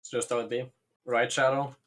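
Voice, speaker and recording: A man co-hosting a stream, chiming in with deadpan one-line quips. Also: medium pitch, fairly quick. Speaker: stream co-host. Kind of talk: casual comedic commentary.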